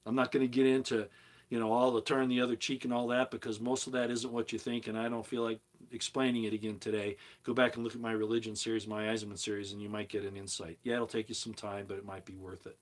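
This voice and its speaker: A man's voice: fairly low pitch, little pitch movement, fast. Rambling older man telling stories. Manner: rambling, storytelling, shifts between loud emphasis and quiet asides. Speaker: video commentator. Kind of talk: casual monologue to viewers.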